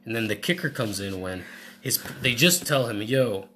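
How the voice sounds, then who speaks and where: A man reviewing a movie in casual chat, animated and acting out scenes in quick voices. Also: on the low side, a little hiss or hum.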